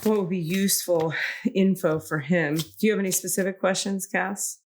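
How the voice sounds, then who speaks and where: Calm low-voiced woman reading cards. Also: moderate pace. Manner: reads card texts in a calm, soothing cadence. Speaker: podcast co-host reading intuitive cards. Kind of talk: casual spiritual chat with card readings.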